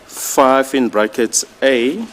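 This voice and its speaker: A man addressing a judge in a courtroom, reading out exhibits in a formal, deliberate way. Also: mid-range voice, a little hiss or hum. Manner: slow, deliberate, reads exhibit lists. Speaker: prosecutor.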